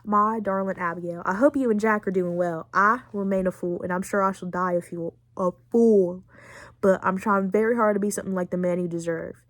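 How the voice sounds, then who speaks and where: A woman putting on a weak impression of a gruff male outlaw as she reads his loving letter aloud, slow and earnest. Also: medium pitch, fairly even intonation, dry recording, studio quality, natural voice.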